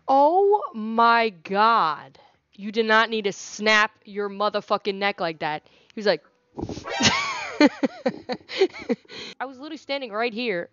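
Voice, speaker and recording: A woman's voice: mid-range voice, fairly bright tone, smooth, dry recording. A young woman who plays a horror game on her channel, reacting jumpily and swearing a lot. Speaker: gaming YouTuber. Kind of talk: horror let's play commentary. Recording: dull lo-fi audio.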